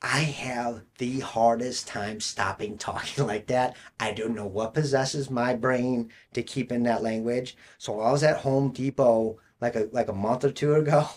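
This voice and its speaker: A young man chatting casually as a podcast co-host. He rambles from story to story and breaks into laughs mid-sentence. His voice sits at an everyday middle pitch. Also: fairly even intonation, unhurried, hardly any pauses, a little mellow. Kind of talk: casual chat.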